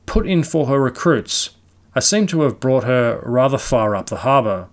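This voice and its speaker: A man voicing a genteel, unruffled ghost pirate captain who speaks in a polite gentleman's voice. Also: medium pitch, lively intonation, natural voice. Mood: cool, courtly. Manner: polite, unhurried gentleman's speech.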